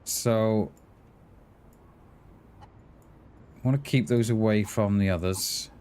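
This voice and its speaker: A man's voice: on the low side, takes it slowly, mellow, slight background noise. Rambling male game streamer. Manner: rambling, restarts words often, talks to chat. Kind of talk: casual livestream chat while gaming.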